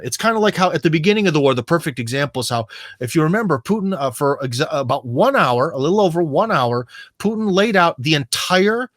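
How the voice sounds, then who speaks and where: A man, a guest in a casual interview, rambling and animated with plenty of jokes. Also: a little high, fast talker, no room sound, studio quality. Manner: rambling, animated, joking, full of fillers. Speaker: guest commentator. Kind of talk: casual chat.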